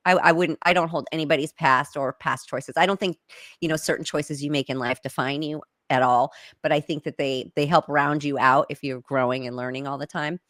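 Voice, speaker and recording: A woman's voice: low voice, steady tone, brisk, fairly bright tone, dry recording. Woman, podcast host, casual chat, rambling with fillers, dry close sound. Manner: chatty, hesitant, lots of "like" and "you know".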